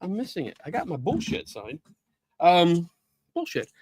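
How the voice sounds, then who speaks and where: A middle-aged man hosting a casual live stream, excitably greeting viewers by name in quick asides. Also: high-pitched, noisy background.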